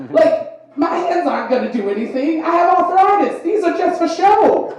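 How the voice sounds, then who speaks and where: Young woman, lisp, stand-up comedy, animated, very echoey live room. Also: extremely high pitch, a little slow. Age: young adult. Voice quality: lisp from braces. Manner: animated, voices others in quotes. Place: comedy venue with laughing audience.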